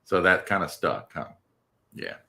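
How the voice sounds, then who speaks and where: Deep, lively-voiced man co-host. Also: unhurried, gravelly. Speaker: co-host, parent of the host. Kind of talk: casual interview chat.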